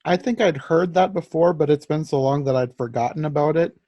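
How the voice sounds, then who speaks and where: A man's voice: on the high side, a little fast, mellow, no room sound, lo-fi sound. A man hosting a movie podcast in easygoing chat, asking his guests questions. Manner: easygoing, asks questions, short laughs. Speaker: podcast host. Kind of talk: casual chat.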